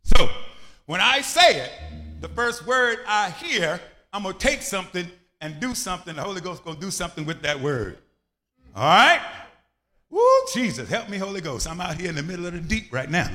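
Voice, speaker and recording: A bright, ringing man's voice preaches with wide swings of pitch, breaking into shouts and sing-song lines. He leads a congregation in call and response. The sound carries long reverb from a church hall. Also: lively intonation, moderate pace. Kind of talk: lively sermon with call and response.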